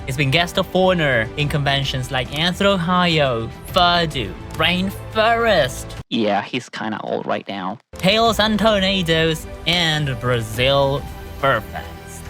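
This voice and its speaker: A man narrating a scripted intro in a teasing way. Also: fairly high pitch.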